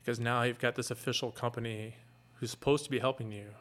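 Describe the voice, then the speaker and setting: A middle-aged man, a fire captain, earnestly retelling a painful personal story in a candid, halting way. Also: medium pitch, fairly even intonation, a bit bright.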